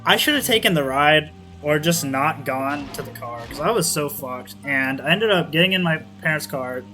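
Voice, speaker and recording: Bright-voiced young man telling a story. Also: on the high side, animated, normal speed, soft background music. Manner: rambling, profane, lots of "kinda like" and fillers. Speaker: vlogger. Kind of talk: casual storytelling to camera.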